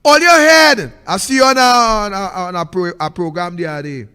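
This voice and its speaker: A man's voice: sits high, normal speed, bright, forceful tone, smooth, big-room sound. A man with a Trinidadian accent hosting a political commentary show, ranting in a fiery, repetitive way that sometimes turns sing-song. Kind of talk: impassioned political monologue.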